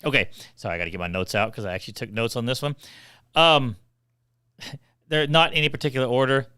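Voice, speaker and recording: A middle-aged man, a podcast co-host telling funny family stories in a chatty, animated way. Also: medium pitch, fast talker, clear, resonant tone, dry recording, studio quality. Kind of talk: casual storytelling.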